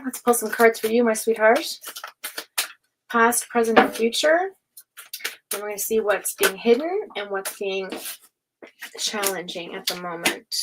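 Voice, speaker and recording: A woman's voice: mid-range voice, noisy background. A middle-aged woman giving a casual tarot reading, chatty and rambling, swearing casually and calling viewers sweet names. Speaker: tarot reader.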